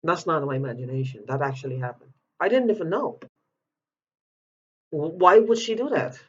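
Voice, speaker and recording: A man's voice: fairly high pitch, moderate pace, a bit bright, slightly rough. A man speaking in an upset personal video, agitated, repeating himself and breaking off mid-word as he pleads for help. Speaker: vlogger asking for help. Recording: dull lo-fi audio.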